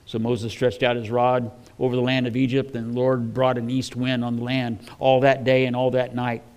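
A man delivers a sermon in a relaxed, conversational voice. He talks in a folksy way, with many fillers and restarts, as if chatting with his congregation. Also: mid-range voice, normal speed. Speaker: preacher.

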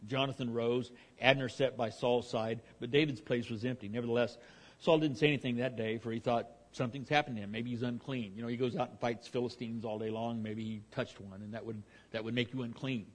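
A man's voice: mid-range voice, fairly even intonation, a little fast. A man preaching verse by verse through a Bible passage, talking conversationally with frequent restarts and fillers.

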